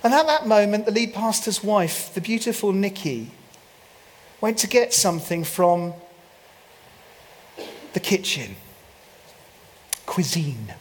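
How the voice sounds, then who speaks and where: A man's voice: sits high, expressive, slow pace, pauses often. A man preaching a sermon, telling a story with playful humor and mock French asides. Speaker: pastor. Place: church.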